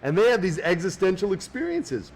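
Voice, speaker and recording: A man's voice: sits high, brisk. Swearing man on a podcast mic. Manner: swears freely, acts out quoted people in animated voices. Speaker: podcast co-host. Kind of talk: casual podcast chat. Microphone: podcast studio mic.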